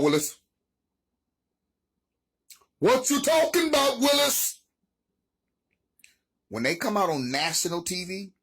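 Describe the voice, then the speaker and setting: A man's voice: sits high, a bit bright, husky. A man giving casual, dramatic and joking commentary on a news report, using slang.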